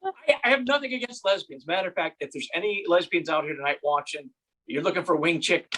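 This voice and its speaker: A man doing stand-up comedy from home, telling a long personal story in a wry, deadpan way and putting on voices for the people in it. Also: on the high side, fast talker, a little hiss or hum.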